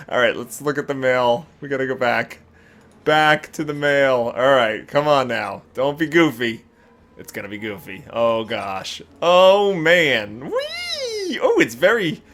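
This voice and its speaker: Animated male gaming host, very lively pitch. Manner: animated, exclaiming, laughing reactions. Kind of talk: casual game commentary.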